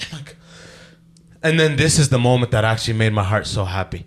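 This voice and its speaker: A man's voice: mid-range voice, expressive, brisk. A young man from Canada, co-hosting a podcast, telling stories casually and acting out the people he quotes in raised voices. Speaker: podcast co-host. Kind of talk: casual storytelling chat.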